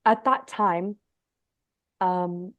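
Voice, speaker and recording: A woman in her thirties from Egypt and Texas, telling her story as a podcast guest in a chatty way, full of "like" and quick laughs. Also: lowish voice, a bit bright, dry recording. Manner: chatty, lots of "like", laughs often. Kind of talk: casual storytelling interview.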